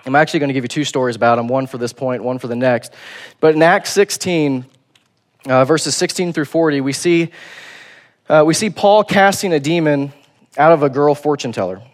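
A man preaching a sermon in a casual, conversational way, acting out quotes in a relaxed voice. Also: a little high, a little fast.

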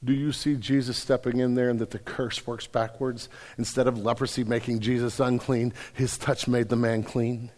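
A man's voice: medium pitch, little pitch movement, normal speed, few pauses, darkish tone. A man preaching a sermon as pastor, conversational and emphatic, stumbling on repeated words. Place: church sanctuary. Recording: long reverb in a large hall.

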